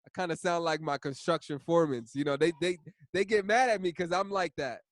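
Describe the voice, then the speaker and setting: Talkative man leading a casual bible study, slangy and fairly high-voiced, dry close sound. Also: brisk, no echo. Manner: chatty, laughs often, uses slang.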